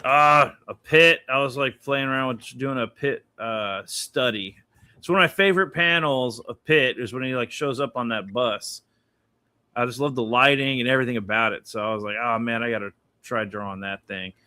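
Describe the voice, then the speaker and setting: An artist with a mid-range, pushed, bright voice chats on a stream about his drawings at a moderate pace, laid-back and swearing freely as he explains his art. The clean, dry recording comes from an indoor studio with his art panels behind him.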